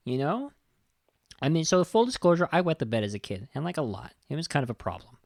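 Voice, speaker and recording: A man's voice: on the high side, sing-song, quick pace, vocal fry, dry recording, studio quality. A man hosting a podcast, talking casually and heatedly about a film, exasperated, swearing, with frequent restarts. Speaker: podcast host. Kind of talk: casual film review talk.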